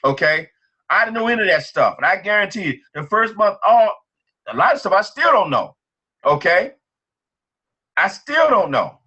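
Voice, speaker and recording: Pep-talk team leader, man, bright and a bit high, energetic and repetitive. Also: moderate pace, breathy edge. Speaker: team leader on a business training call.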